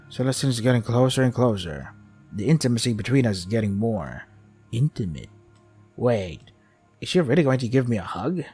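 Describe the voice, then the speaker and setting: A man's voice: medium pitch, darkish tone, breathy edge. A man reading a visual novel aloud, with wry asides that include swearing. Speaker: game streamer.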